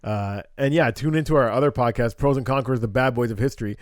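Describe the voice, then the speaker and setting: A man's voice: medium pitch, fast, dry recording, studio quality. A young man co-hosting a podcast, laid-back and chuckling through casual banter. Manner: laid-back, chuckling, reads definitions aloud. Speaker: podcast co-host.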